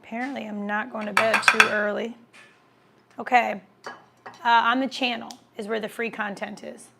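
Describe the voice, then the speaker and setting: A chatty woman hosting a casual livestream, answering viewer comments while she eats. Her voice sits a bit high and carries a gravelly, fry-tinged edge. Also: level tone, normal speed, noisy background. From American Midwest. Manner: chatty, reads comments aloud, talks while eating.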